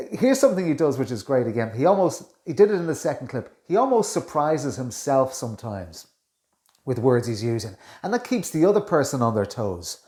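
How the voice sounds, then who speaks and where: Chatty communication coach in an echoey room. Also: male voice, medium pitch, dark tone. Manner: chatty, with quick asides and self-corrections. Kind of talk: reaction video commentary.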